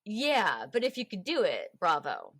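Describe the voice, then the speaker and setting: A woman hosting a casual history podcast, telling the story in a chatty, animated way with playful voiced quotes. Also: medium pitch, a little slow, no room sound, clean studio sound. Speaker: podcast host.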